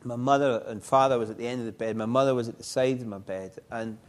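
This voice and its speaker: A middle-aged man, telling his life story in an interview, halting and reflective with frequent restarts. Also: medium pitch, steady tone. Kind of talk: personal testimony in an interview.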